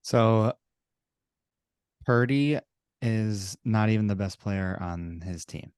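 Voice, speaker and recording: A man co-hosting a casual sports podcast, measured as he works through stats. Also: fairly low pitch, a little mellow, clear, resonant tone, no room sound, studio quality. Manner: measured, reels off stats, laughs easily. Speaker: podcast co-host.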